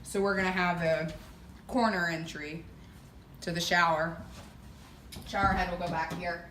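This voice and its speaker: A young woman giving a casual walkthrough of her home renovation, chatty and filling pauses with lots of ums. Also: fairly low pitch, steady tone, background noise. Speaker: homeowner giving a renovation tour. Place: empty house under renovation, indoors. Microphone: camera mic held by another person. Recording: echoey bare room, voice off-mic.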